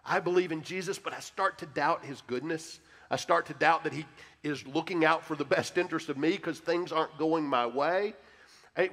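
A man's voice: on the high side, fairly bright tone. Earnest male pastor, echoing hall. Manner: earnest, emphatic preaching, speaks straight to the congregation. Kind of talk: sermon-style Q&A answer. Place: church sanctuary. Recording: long church-hall reverb.

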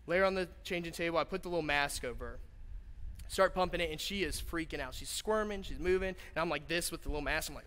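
A man's voice: fairly high pitch, brisk. A young man preaching a sermon, telling a personal story in a conversational, joking way that builds to fervent appeals. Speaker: pastor. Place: church auditorium. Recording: church hall reverb with soft guitar.

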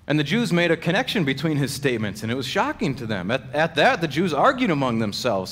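A man preaching a sermon as pastor, earnestly slowing down to stress quoted scripture. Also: fairly high pitch, sing-song, a bit bright. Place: church sanctuary. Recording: long church reverb.

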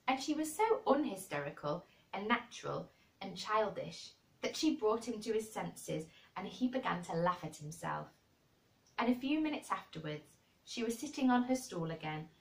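A woman reading a classic children's novel aloud in an expressive storybook manner. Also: fairly low pitch. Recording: roomy and distant.

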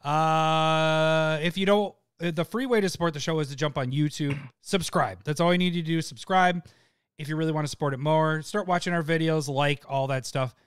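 A man co-hosting a live podcast, chatting casually and rambling through patron shout-outs. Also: a little high, fairly even intonation, normal speed, smooth, dry recording, clean studio sound. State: hiccups and eating hot peppers. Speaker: podcast co-host.

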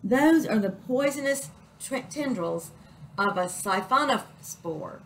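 A woman's voice: a little high, animated, slow pace, a little hiss or hum, voice pushed up. A woman voicing a helpful, brave male firefly squid who speaks eagerly.

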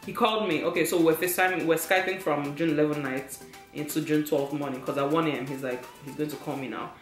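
A woman's voice: sits low, fast, roomy sound, soft background music. A young woman, teasing and laughing as she chats with her partner. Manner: teasing, laughing, lively storytelling. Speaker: vlogger. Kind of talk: casual couple chat.

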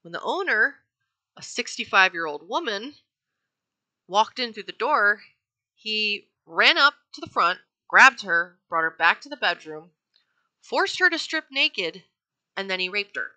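A woman's voice: medium pitch, very animated, measured pace, pushed and bright. A woman casually telling a true crime story, chatty and profane with wry asides. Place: home.

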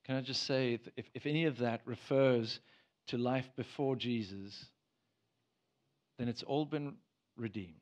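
A man's voice: mid-range voice, unhurried. Earnest man preaching a sermon. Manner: earnest, rises to emphatic bursts, many restarts. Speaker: pastor. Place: church. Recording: dull church service recording.

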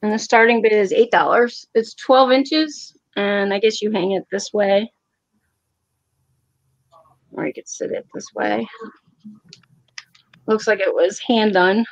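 A woman with a Southern accent running a casual live online auction, describing items and calling bids in an unhurried way. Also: medium pitch, vocal fry, no room sound. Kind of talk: casual live sale chat. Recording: dull, lo-fi audio.

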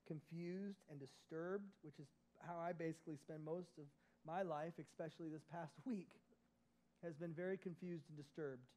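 Guy pastor with a pretty high voice preaching in church, gets loud then drops real soft. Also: rough recording. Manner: animated, swinging between loud emphasis and soft intimate passages. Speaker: lead pastor. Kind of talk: sermon.

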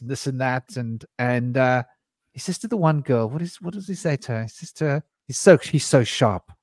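A man's voice: mid-range voice, lively intonation, moderate pace, dry recording. Male host, meandering anecdotal storyteller, dry close sound. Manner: rambling anecdotal storyteller, restarts and asides. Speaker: podcast host. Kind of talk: candid storytelling conversation.

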